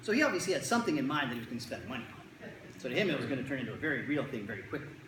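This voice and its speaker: A woman's voice: rumbling low, animated, very fast, background noise. A woman giving a lecture, telling anecdotes and acting out the dialogue with animation. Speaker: speaker. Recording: echoey room, faint ambience.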